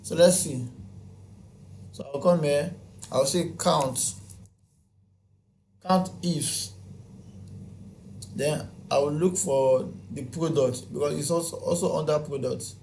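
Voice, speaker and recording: Man, tutorial narration, slow, fairly high voice, counts aloud, repeats himself, faint background hiss. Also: creaky, darkish tone. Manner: counts aloud item by item, repeats points and asks himself questions. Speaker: spreadsheet tutor. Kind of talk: screen-recorded software tutorial.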